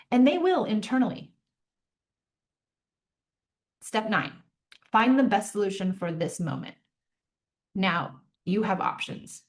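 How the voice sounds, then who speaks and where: Earnest woman giving parenting advice. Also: mid-range voice. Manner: earnest, acts out parent lines in a soft calm tone. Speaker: parenting coach.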